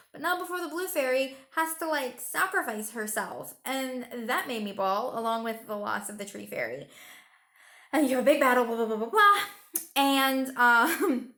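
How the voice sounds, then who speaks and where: A woman's voice: on the high side, moderate pace, pushed and bright. A young woman giving a casual, rambling movie review. She retells the plot emotionally, with lots of fillers, and sounds tired.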